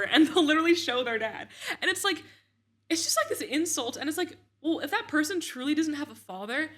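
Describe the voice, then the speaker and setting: A woman's voice: sits high, expressive, brisk, a bit bright. A young woman co-hosting a casual chat show, talking in a chatty, opinionated way with lots of filler words. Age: young adult. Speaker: co-host, daughter of the other host.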